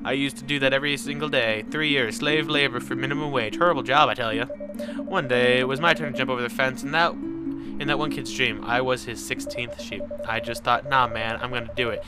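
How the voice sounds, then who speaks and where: A man voicing a crude, streetwise male sheep who talks in a loud, swaggering, profane way, over loud background music. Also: mid-range voice, steady tone, brisk, close to an everyday voice. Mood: rueful.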